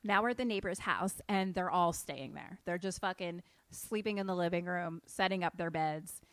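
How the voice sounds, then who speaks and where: A woman's voice: on the low side, moderate pace, no echo. A woman co-hosting a podcast, casually and profanely retelling a horror film. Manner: animated, profane, acts out characters. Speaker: podcast co-host.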